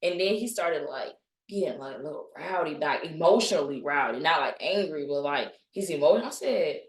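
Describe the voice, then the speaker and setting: Lively young woman telling a story in an echoey room. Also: sits low, brisk, far from the mic. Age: young adult. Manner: animated storyteller who acts out quoted voices. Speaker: podcast guest. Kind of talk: casual storytelling chat. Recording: echoey room, a bit off-mic.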